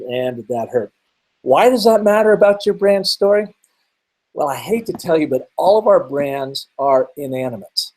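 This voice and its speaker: A middle-aged man from the Seattle area presents a webinar in a slightly higher-pitched voice. He teaches through energetic storytelling and keeps asking his listeners rhetorical questions. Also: rough recording. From Seattle, Washington area.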